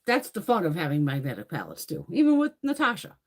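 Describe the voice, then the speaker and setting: A woman's voice: fairly low pitch, huge pitch swings, quick pace, darkish tone, breathy edge. Chatty, profane woman hosting a livestream. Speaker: beauty livestream host. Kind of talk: casual live chat.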